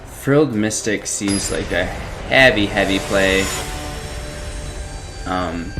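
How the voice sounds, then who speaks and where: A man giving relaxed, casual commentary while playing a card game, thinking out loud about his moves. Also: deep voice, slow pace. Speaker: gameplay streamer. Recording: music clearly under the voice.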